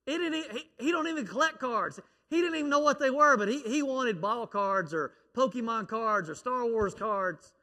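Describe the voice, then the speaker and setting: Bright-voiced male preacher in a hall. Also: very high voice, animated, moderate pace. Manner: storytelling, acts out a child's shouting prayer. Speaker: pastor. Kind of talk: sermon.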